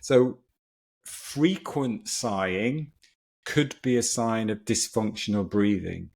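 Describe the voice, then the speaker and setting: A man's voice: on the low side, takes it slowly, creaky, a little mellow. A man who coaches breathwork, explaining it as a podcast guest in an enthusiastic, chatty way with frequent restarts.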